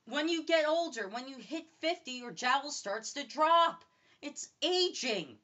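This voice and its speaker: A woman's voice: high-pitched, expressive, a little slow, sharp tone, highs cut off. A woman in a blunt, profane vlog rant who keeps repeating her points for emphasis. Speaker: vlogger. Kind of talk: ranting monologue to camera.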